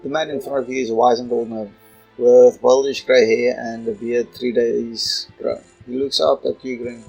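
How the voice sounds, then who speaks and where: A man playing a role-playing game, reading its narration and dialogue aloud in an even voice. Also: mid-range voice, moderate pace, gravelly, slightly rough, muffled recording, soft background music. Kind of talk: let's play narration.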